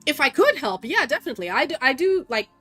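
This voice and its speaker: Young woman streamer, blunt and sweary, fairly high voice, faint music behind. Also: fast talker. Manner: blunt, profane, animated, lots of fillers. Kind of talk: casual opinionated rant while gaming.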